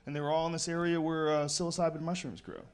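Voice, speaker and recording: A man, a podcast guest, riffing bluntly and excitedly in casual chat. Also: a little high, fast talker, smooth. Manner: blunt and excited, riffs on ideas. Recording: live crowd audible.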